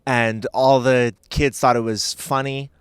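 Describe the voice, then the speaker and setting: Smooth-voiced man rambling on a podcast. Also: medium pitch, level tone, a little slow, dry recording, clean studio sound. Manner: rambling, hesitant, lots of filler likes. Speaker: podcast guest. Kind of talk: casual podcast chat.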